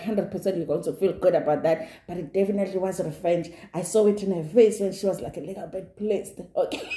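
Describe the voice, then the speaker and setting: A woman giving a lively, gossipy recap of a reality show. She acts out the quotes and laughs often. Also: medium pitch. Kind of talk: casual recap commentary. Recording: roomy echo.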